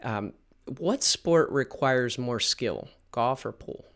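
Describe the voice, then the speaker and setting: A man's voice: medium pitch, expressive, slow pace, fairly bright tone. Easygoing man hosting a podcast. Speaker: podcast host. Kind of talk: casual interview.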